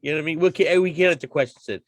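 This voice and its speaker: A man's voice: on the high side, very fast. A man in a band, joking around and teasing the host during a casual podcast.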